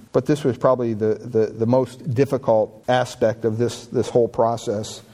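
A man preaching a sermon with passion, reading scripture aloud and rising in pitch and volume on key lines. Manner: impassioned preaching, swells louder and higher on key lines.

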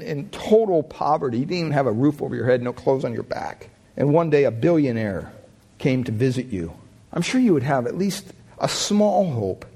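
A man preaching a sermon, asking his listeners questions and swinging his pitch up and down to drive points home. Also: a little mellow. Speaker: pastor.

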